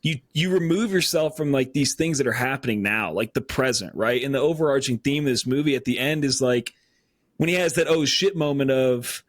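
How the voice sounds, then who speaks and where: A man's voice: mid-range voice, a little fast, dry recording, studio quality. A man co-hosting a casual podcast chat, talking earnestly and rambling with many fillers, getting choked up. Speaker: podcast co-host.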